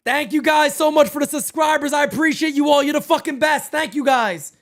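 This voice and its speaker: A man hosting a live baseball watch-party stream, giving excitable, profane play-by-play and often shouting. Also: very high voice, brisk, faint music behind.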